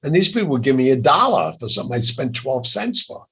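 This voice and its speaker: An older man with a raspy voice, telling lively jokey stories as an interview guest. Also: mid-range voice, quick pace. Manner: animated, jokey, laughs through stories. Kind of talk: storytelling in a casual interview.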